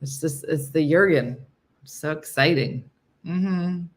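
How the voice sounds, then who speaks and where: A woman's voice: low-pitched, slow. A woman hosting a live stream, chatting casually and rambling between stories while reading out viewer comments. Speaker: live show host.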